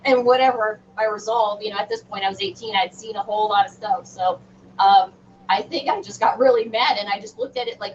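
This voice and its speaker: A middle-aged woman, an interview guest telling a personal story in an animated, emphatic way with frequent restarts. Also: medium pitch, brisk. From Southern United States. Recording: distant, dull remote audio with faint noise.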